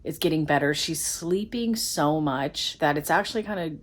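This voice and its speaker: A woman's voice: deep voice, normal speed. A woman in her thirties, a vlogger, telling a personal story in an emotional, rambling way with many "like"s.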